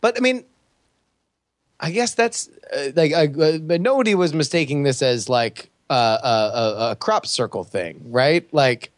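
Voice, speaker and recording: A man co-hosting a casual comedic chat, firing off quick wisecracks and animated riffs. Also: on the high side, dry recording, studio quality. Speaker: podcast co-host.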